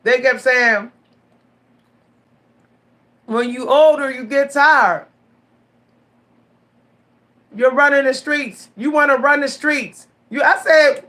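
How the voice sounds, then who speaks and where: A woman in her forties telling stories straight to her viewers in a casual vlog, animated, repeating her words and laughing often. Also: sits high, slow pace, pauses often. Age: 40s. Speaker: vlogger.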